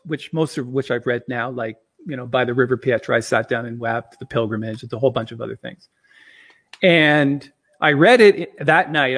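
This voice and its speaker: A man's voice: on the high side, fairly bright tone. A man casually telling a personal story as a guest, rambling, with plenty of fillers and chuckles.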